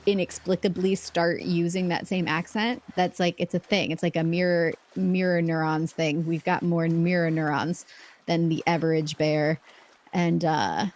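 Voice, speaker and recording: A woman's voice: on the low side, fairly even intonation, normal speed, a little mellow. A young woman streaming a video game, chatting casually and playfully and laughing often. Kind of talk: casual live-stream chat while gaming.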